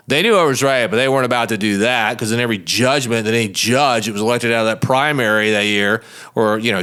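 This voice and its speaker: In a mid-range voice that's a bit bright, a man who is a lawyer and hosts his own show recounts a story on his monologue podcast. He's plain-spoken, blunt, folksy and emphatic.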